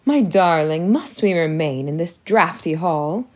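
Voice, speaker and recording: A woman's voice: lowish voice, expressive, darkish tone. A woman voicing a vain, pouting middle-aged stepmother in a storybook reading. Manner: pouty, whiny, drawn-out.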